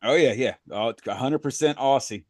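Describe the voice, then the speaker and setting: A man's voice: medium pitch, fairly quick, a little mellow, no echo. A man co-hosting a casual podcast, rambling through profane banter with lots of fillers and frequent laughs. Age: adult parent. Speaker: podcast co-host.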